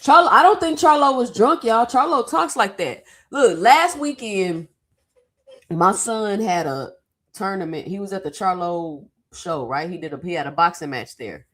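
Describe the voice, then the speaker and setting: A woman hosting a casual boxing commentary vlog, chatty and slangy, her throat a little sore from yelling. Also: medium pitch, lively intonation, normal speed.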